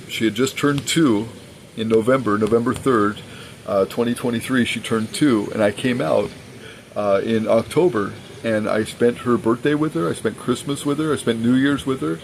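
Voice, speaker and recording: A man's voice: medium pitch, creaky, slight background noise, low-quality recording. A father speaking in a personal vlog monologue, earnest and aggrieved, insisting on his side of the story.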